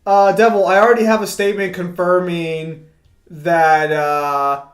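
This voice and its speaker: A man's voice: high-pitched, little pitch movement, unhurried. A man hosting a casual gaming chat with friends, teasing and laughing often. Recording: echoey room.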